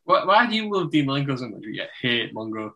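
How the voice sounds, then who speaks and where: A man talks wrestling in a relaxed, rambling way. His voice has a bright, forward edge, and he breaks into laughter often. His pitch sits in the middle range for a man. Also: fast. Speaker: podcast co-host. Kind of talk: casual wrestling chat.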